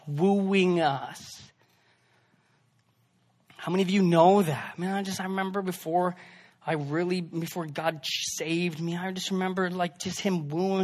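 Young male preacher, high voice, casual sermon delivery with loud peaks and soft asides. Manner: conversational preaching, swings between loud emphasis and hushed asides. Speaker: pastor.

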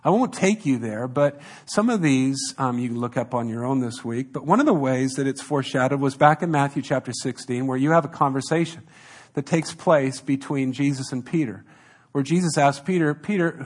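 A man's voice: mid-range voice, a little fast. A man preaching a sermon to his congregation, emphatic and fond of repeating key phrases, briefly acting out the lines of the people in his story. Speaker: pastor.

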